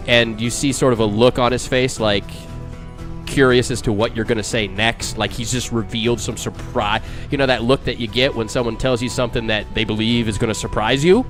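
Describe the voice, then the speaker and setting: A man narrating a tabletop game as game master, lively and descriptive. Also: medium pitch, fairly quick, faint music behind.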